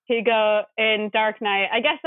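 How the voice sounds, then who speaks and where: A woman guest in a casual podcast chat, chatty and quick to laugh, saying "like" often. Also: medium pitch, little pitch movement, dry recording. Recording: tinny phone-like line.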